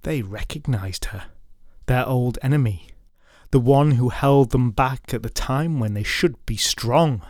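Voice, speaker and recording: A man narrating a folklore podcast story, mixing dramatic retelling with wry, deadpan comic asides. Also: mid-range voice, no room sound, studio quality.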